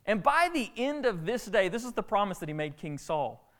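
A man preaching a sermon, retelling a Bible story with lively, acted-out dialogue. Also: high-pitched, normal speed. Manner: animated storytelling preacher, acting out characters' lines. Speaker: pastor.

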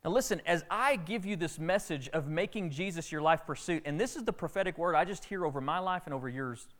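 A man preaching a sermon, retelling a Bible story with lively, acted-out dialogue. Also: a little high, fairly quick. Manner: animated storytelling preacher, acting out characters' lines. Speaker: pastor.

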